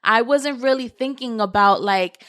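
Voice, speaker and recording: A young adult woman hosting a solo podcast, thinking out loud in a conversational, reflective way with lots of casual fillers. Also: on the high side, measured pace, smooth, no room sound, studio quality. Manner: reflective, conversational, many "you know" fillers. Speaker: podcast host.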